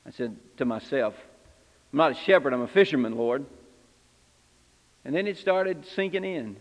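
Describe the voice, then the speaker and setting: A man's voice: medium pitch, lively intonation, moderate pace, in a large hall, natural voice. A man preaching in character as Simon Peter, an impulsive, repentant fisherman, telling his story in first person with earnest, confessional feeling. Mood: stirred. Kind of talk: first-person dramatic sermon monologue.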